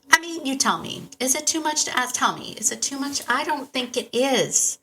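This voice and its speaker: A bright, forward-sounding woman hosting a casual podcast monologue into a stand mic in her home podcast room. She talks in an animated, chatty way and keeps breaking off into asides. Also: mid-range voice. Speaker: podcast host and dog trainer. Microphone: podcast microphone on a stand.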